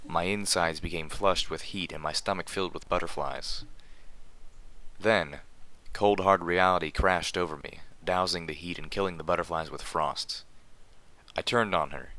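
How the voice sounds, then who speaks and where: A man reading a fan fiction story aloud in steady, even narration. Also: sits low, moderate pace. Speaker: reader.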